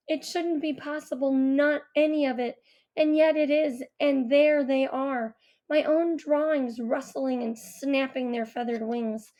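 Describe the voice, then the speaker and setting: A woman reads a first-person audiobook in a quiet, reflective way. Her voice sits a little higher than average. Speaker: audiobook reader.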